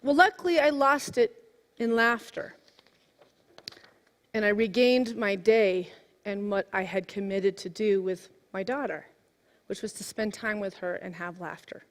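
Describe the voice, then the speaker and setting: A woman in her forties giving a sermon, telling a personal story in a lively way that swings from hushed to exclaiming. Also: mid-range voice, a little slow. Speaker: minister. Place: church sanctuary. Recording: long hall reverb.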